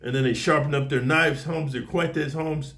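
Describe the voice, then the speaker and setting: A man's voice: fairly high pitch, steady tone, moderate pace, fairly bright tone. A man giving a casual, profane monologue to camera in boastful street talk, speaking as a martial arts teacher.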